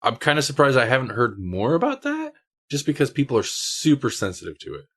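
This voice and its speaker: A man's voice: medium pitch, wildly swooping pitch, brisk, fairly bright tone, slightly rough. A man co-hosting a podcast, chatting casually and laughing often. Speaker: podcast co-host. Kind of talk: casual chat.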